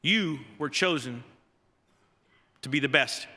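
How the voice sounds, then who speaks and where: A man with a fairly high, sharp voice speaks slowly at a ceremony in a banquet hall, where the big space leaves a long reverb. Formerly an assistant coach and now receiving an award, he tells folksy, self-deprecating stories punctuated by fillers and restarts.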